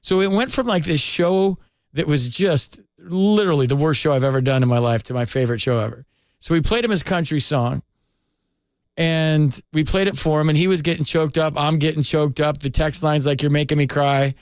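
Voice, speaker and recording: On a late-night sports call-in radio show, a male host talks into a studio microphone in an earnest, rambling, heartfelt way. His voice is a little high and moves at normal speed, sounding smooth with no echo.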